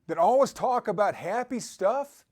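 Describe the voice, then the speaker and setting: A man's voice: high-pitched, animated, measured pace, a little mellow. A man giving an upbeat motivational talk who exhorts his listeners and often laughs. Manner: quotes scripture. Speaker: motivational speaker.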